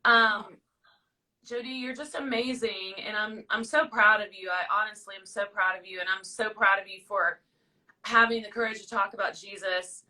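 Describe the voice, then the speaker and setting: A woman's voice: medium pitch, fairly even intonation, normal speed, sharp tone, far from the mic, poor audio. A woman hosting a casual livestream chat, encouraging and emotional as she talks. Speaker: host.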